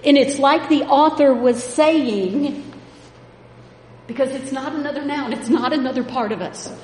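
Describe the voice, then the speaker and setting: A woman preaching a sermon, stressing words emphatically and often rising in pitch and volume as she drives a point home. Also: a little slow, darkish tone. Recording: echoey hall with faint background noise.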